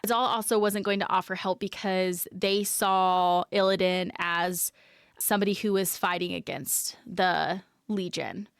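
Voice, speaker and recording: A woman's voice: lowish voice, steady tone, unhurried, clean tone, no echo, studio quality. A woman streamer guiding viewers on a game lore tour, chatty and self-deprecating. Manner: chatty, self-deprecating, laughs at own mispronunciations. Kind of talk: casual live-stream narration.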